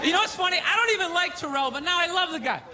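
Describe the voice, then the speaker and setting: A man with a strikingly high voice rants through a stand-up set and keeps breaking into shouts. He is on a theater stage, with a crowd laughing and reacting loudly around him. The recording carries a steady wash of audience noise. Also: racing. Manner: loud, ranting, mocking delivery with shouted bursts. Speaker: stand-up comedian. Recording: live show with crowd noise.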